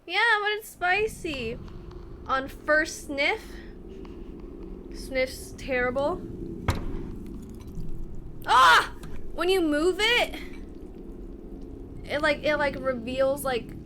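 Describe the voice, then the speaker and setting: A woman's voice: high voice, expressive, slow, pauses often, noisy background. A woman streaming live, chatting casually and talking straight to her chat. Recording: music playing clearly behind her.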